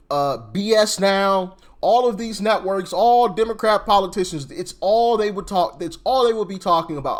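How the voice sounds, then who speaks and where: A man with a slightly high voice talks through his reaction commentary in a loose, rambling way. He circles back, repeats words and restarts his sentences as he thinks aloud. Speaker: commentary channel host.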